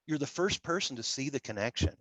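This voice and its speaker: A middle-aged man with a nasal Midwestern American accent, giving an academic lecture with slides in a halting way, often repeating his words. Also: medium pitch, expressive, fairly bright tone, dry recording. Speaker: public relations scholar.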